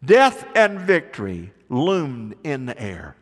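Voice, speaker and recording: A man preaching a sermon, telling folksy stories and slowing down to drive points home. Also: mid-range voice, wildly swooping pitch, in a large hall. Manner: folksy storytelling preacher, slows for emphasis. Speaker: pastor.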